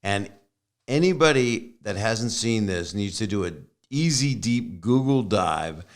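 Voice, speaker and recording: A man in his sixties hosts a loose podcast conversation. His voice sits a little low, and his questions ramble with eager enthusiasm. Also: lively intonation, measured pace. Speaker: podcast host. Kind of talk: casual interview chat.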